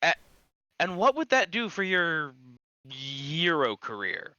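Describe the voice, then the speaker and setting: A man's voice: on the high side, big pitch swings, takes it slowly, bright, forceful tone, no echo. A man co-hosting a comedy reading, chiming in with brief, dry remarks. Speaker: co-host. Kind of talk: casual comedic commentary. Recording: dry, dull lo-fi mic.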